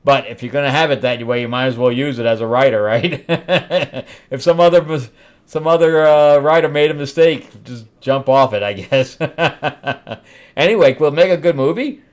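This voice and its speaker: A man's voice: mid-range voice, normal speed. A middle-aged man hosting a comic review show, recapping an issue in a loose, rambling way, chuckling at his own asides with lots of fillers. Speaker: comic book review host. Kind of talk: casual solo recap.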